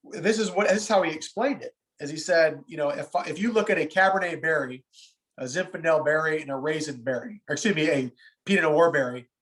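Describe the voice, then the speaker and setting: A man's voice: fairly high pitch, low-quality recording. A man in his forties, a winemaker, telling stories in an interview and often repeating a word as he starts a thought. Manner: animated storyteller, repeats words when starting a thought. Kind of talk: storytelling interview answer.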